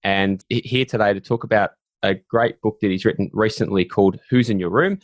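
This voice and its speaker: A man's voice: lowish voice, brisk, no room sound. A man co-hosting a podcast, introducing the guest in an upbeat way. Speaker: podcast co-host. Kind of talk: podcast interview.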